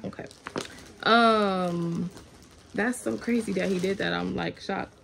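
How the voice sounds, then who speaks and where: A woman's voice: mid-range voice, slow pace, vocal fry, long pauses, fairly bright tone, slight background noise. A young woman, chatting casually in a home video diary and talking to her toddler now and then. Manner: chatty, talks to her toddler between updates. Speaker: family vlogger.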